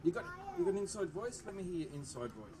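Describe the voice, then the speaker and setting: A man with an Australian accent presenting a police demonstration to a crowd outdoors, joking and chatting with the children over a loudspeaker microphone. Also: high-pitched, very animated, fast, heavy background noise. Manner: jokey, upbeat, chatting with the kids in the crowd. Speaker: police presenter at a public open day. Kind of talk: public address to a live crowd. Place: outdoor public event. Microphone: microphone through loudspeakers.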